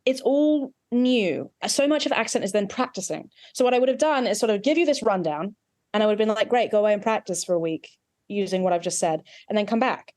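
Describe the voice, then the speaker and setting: A woman's voice: medium pitch, lively intonation, a little fast, a little mellow, no room sound. Dry-sounding woman coaching accents. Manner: patient, explanatory, technical. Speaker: dialect coach.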